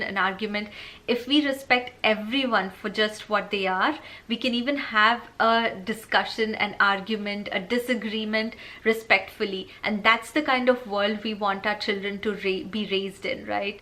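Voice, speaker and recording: A woman's voice: mid-range voice, pushed and bright. A woman vlogging parenting advice in a casual, earnest, explanatory way, often checking in with "right?". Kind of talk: casual advice talk to camera.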